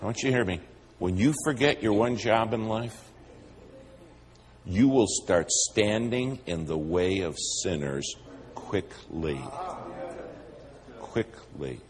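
Preacher guy, deep voice, real lively up and down, cracking jokes in his sermon. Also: slow. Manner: animated, humorous storytelling.

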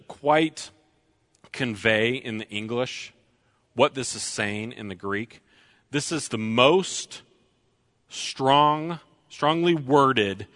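A man preaching a sermon, slow and deliberate, repeating key lines for emphasis. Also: medium pitch, pushed and bright.

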